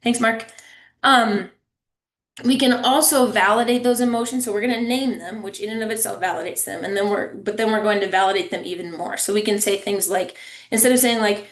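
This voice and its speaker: A woman's voice: mid-range voice, a little fast. Conversational woman presenter, echoey room. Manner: warm, conversational, checks in with "right?" and "okay?". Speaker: family engagement presenter. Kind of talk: webinar presentation.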